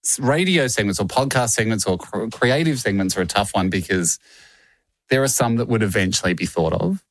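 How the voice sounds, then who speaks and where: A man's voice: on the low side, animated, a little fast, dry recording. A man co-hosting a podcast, riffing playfully and laughing often. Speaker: podcast co-host. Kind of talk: casual comedy banter.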